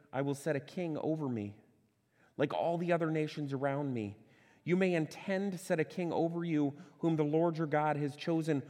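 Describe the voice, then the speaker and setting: A man preaching a sermon as pastor, conversational and animated, asking rhetorical questions and restarting phrases. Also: fairly high pitch, long reverb tail. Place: church sanctuary.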